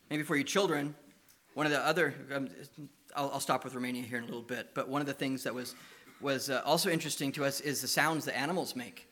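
A man preaching a sermon. He tells lively stories and coaxes the children with questions. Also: medium pitch. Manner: lively anecdotal storytelling, coaxing questions to children.

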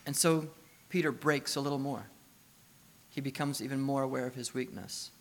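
A man's voice: medium pitch, fairly even intonation, moderate pace. A middle-aged man, a pastor, preaching a sermon in a conversational way, asking the listeners questions and building to emphatic passages.

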